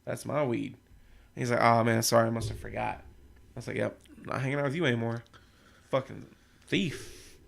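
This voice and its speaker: A man's voice: medium pitch, fairly even intonation, moderate pace, gravelly, pauses often. A young man casually telling a long, profane story on a podcast, acting out what people said. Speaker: podcast co-host.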